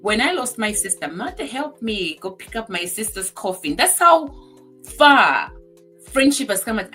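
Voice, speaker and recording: A woman's voice: medium pitch, very animated, a little slow, bright, forceful tone, faint music behind. A woman on a talk show, speaking in an emphatic, heartfelt way as she tells personal stories. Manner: acts out friend's remarks in quoted voices. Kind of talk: casual chat.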